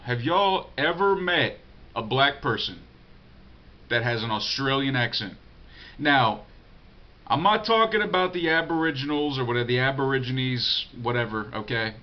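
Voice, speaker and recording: A man talking to the camera in a loose, rambling way, swearing freely and often restarting his words as he answers a viewer's email. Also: medium pitch. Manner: profane, digressive, blunt. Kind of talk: casual rambling monologue. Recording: dull lo-fi audio.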